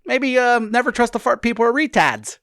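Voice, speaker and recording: A man's voice: very high voice, expressive, a little fast, a bit bright, smooth, no room sound, studio quality. A man with a Cincinnati accent co-hosting a podcast in crude, rambling casual chat, often stopping and restarting his thoughts. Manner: crude, rambling, self-interrupting. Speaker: podcast co-host.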